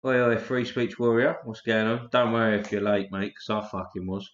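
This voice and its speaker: A man's voice: fairly low pitch, moderate pace, hardly any pauses. A man hosting a casual live stream, chatting loosely and swearing freely while tired and yawning. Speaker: livestream host. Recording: roomy, dull lo-fi stream audio.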